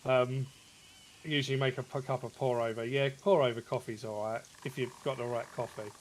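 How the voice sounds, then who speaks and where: A man's voice: mid-range voice, steady tone, brisk, slight background noise, low-quality recording. Laid-back man on voice chat. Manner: laid-back, hesitant, repeats words. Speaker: co-player on stream. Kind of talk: casual gaming chat.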